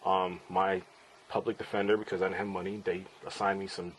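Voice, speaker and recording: Casting note: man in his forties, fairly deep voice, casual blunt podcast storyteller who swears freely. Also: level tone, a little fast, a little hiss or hum, poor audio. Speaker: podcast host and father. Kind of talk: candid personal storytelling.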